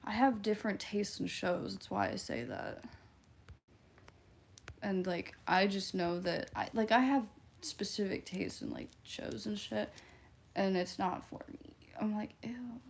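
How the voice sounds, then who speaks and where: Woman streamer, Midwestern twang, fry-heavy voice, casual and profane. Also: mid-range voice, a little mellow, slight background noise. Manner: blunt, offhand and profane, laughs often. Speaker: livestreamer. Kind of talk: casual livestream chat, reading viewer comments.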